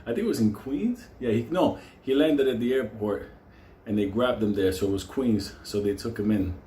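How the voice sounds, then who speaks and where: A man's voice: lowish voice, normal speed, a little hiss or hum. A man telling profane, laughing stories in a casual monologue as a channel host. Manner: profane, laughing, animated storyteller. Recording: echoey room with faint ambience.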